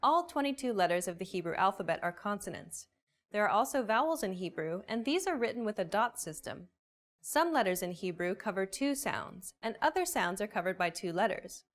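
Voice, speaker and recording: A woman's voice: medium pitch, animated, fairly quick. A woman hosting and narrating a scripted language lesson, explaining points and recapping. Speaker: lesson host.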